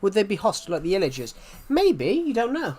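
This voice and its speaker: Young male streamer, twenties, slightly high voice, rambling casual chat with frequent restarts. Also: huge pitch swings, quick pace, darkish tone, slightly rough. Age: 20s. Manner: rambling, often restarts and repeats phrases. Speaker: live streamer.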